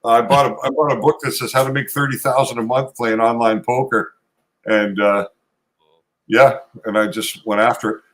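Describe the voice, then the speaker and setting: Measured man explaining calmly. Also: mid-range voice. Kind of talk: casual chat.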